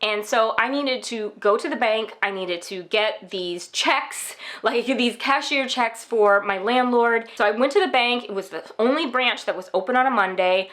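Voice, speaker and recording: A woman's voice: fairly high pitch, moderate pace, hardly any pauses, fairly bright tone. A young American woman giving candid, casual advice in a chatty vlog monologue, full of fillers. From United States. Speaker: vlogger.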